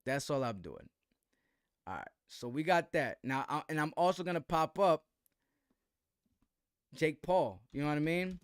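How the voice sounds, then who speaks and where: A man's voice: a little high, lively intonation, unhurried, pauses often, clean tone, no room sound, clean studio sound. A man hosting a live boxing commentary stream, talking in slang with a defensive tone and asking "right?" again and again.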